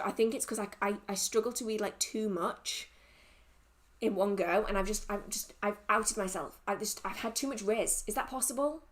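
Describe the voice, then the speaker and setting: A young woman hosting a livestream, chatting casually and rambling through viewer questions with restarts and laughter. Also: mid-range voice. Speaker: livestream host.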